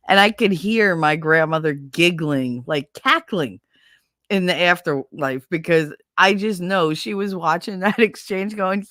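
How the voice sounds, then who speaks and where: A woman's voice: on the low side, slow pace, a bit bright, no echo, studio quality. A middle-aged woman hosting a casual chat, telling stories with lots of laughter and playful swearing. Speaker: host.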